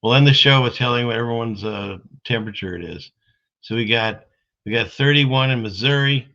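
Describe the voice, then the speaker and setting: A man with a mid-range voice, pushed and bright and a little fast, hosts a casual live stream. He rambles in a folksy way while reading out viewer comments, and the stream audio sounds dull and lo-fi.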